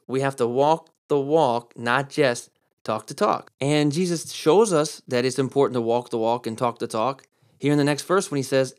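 A man preaching a sermon and explaining Greek words, who repeats key words for stress and switches between slow, drawn-out emphasis and quick asides. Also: medium pitch. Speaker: pastor. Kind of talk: sermon with Greek word study.

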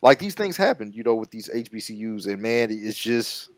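A man's voice: fairly low pitch, sing-song, moderate pace, no echo. A man talking on a sports podcast, hesitant and full of fillers as he searches for details. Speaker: podcast co-host. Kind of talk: casual podcast chat.

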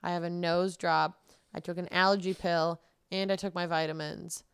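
Gravelly, smooth-voiced young woman. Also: lowish voice, flat delivery, moderate pace, no room sound. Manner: rambling, filler-heavy storytelling. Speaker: podcast co-host. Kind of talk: casual chat.

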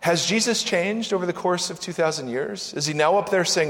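A man preaching a sermon as pastor, animated, acting out the voices in the scripture he reads. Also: high-pitched, fairly quick, hardly any pauses. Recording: long hall reverb.

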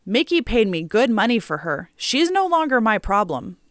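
A woman voicing a harsh, hateful elderly grandmother with a shrill voice in an audiobook story. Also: big pitch swings, moderate pace, no room sound, studio quality. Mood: cold. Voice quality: shrill, screeching.

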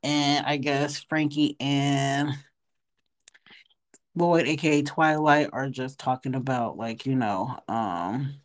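A woman's voice: a bass voice, slow. A young woman co-hosting a casual podcast, laid-back and slangy, swearing casually. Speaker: podcast co-host. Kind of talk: casual chat.

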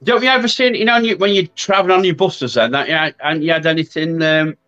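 A man's voice: a little high, fast talker, pushed and bright. A man hosts a casual paranormal chat, rambling and tagging his points with questions. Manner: chatty, trailing, asks for agreement with tag questions. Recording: slightly dull, lo-fi sound.

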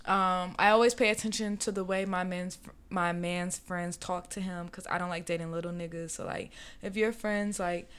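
Young woman, casual dating chat, bright voice, smooth and clear, chatty storyteller. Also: on the low side, fairly even intonation, normal speed. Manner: chatty, storytelling, frequent "like" fillers.

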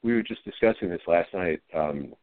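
A deep-voiced middle-aged man speaks in a low-key, hesitant way, often restarting his sentences as he thinks. The sound is dry and tinny, like a phone line. He answers interview questions casually. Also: moderate pace, dry recording. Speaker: actor guest.

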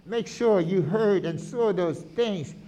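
A man's voice: high voice, takes it slowly. A man being interviewed about his documentary footage, talking animatedly with frequent restarts. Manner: animated, restarts often, quotes people he filmed. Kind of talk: conversational interview.

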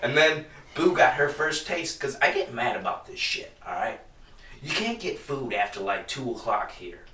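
A man's voice: mid-range voice, big pitch swings, normal speed, pushed and bright, far from the mic, a little hiss or hum. Rambling, profane man in an echoey room. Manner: rambling, profane storytelling with lots of "dude". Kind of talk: casual chat.

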